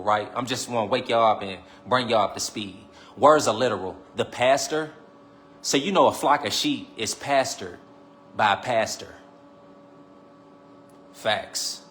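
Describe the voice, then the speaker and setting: A man hosting a live stream, preaching casually and teasing his viewers, repeating his lines and swinging between loud calls and quiet asides. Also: mid-range voice, a little hiss or hum. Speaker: livestream host.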